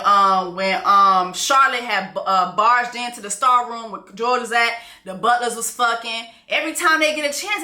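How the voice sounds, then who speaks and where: Animated, slangy woman recapping a show. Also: on the high side, echoey room. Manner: animated, laughing, slangy, acts out characters' lines. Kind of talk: casual profane recap commentary.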